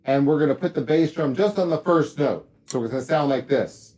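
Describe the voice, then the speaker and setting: A man giving a casual drum lesson, talking straight to viewers in a relaxed, upbeat way. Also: fairly high pitch, a little fast, noisy background. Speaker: drum teacher. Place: drum studio.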